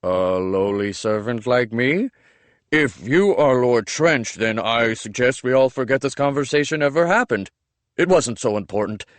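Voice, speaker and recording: A man's voice: mid-range voice, expressive, a little slow, no room sound, close to an everyday voice. A man reading an audiobook voices a young man posing as a humble servant, speaking meekly and deferentially. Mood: sly. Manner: falsely meek and deferential.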